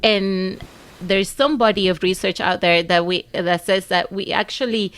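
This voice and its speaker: A woman hosting a podcast who tells a personal story in an earnest, conversational way and grows animated as she recounts it. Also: mid-range voice, moderate pace, clean tone. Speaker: podcast host.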